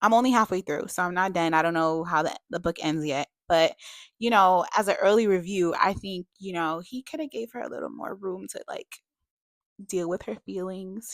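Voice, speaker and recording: A woman's voice: fairly low pitch, normal speed, no echo, clean studio sound. A young adult woman giving a casual book review vlog, chatty and full of "like" and "you know", breaking into emphatic rants. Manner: frequent fillers like "like" and "you know".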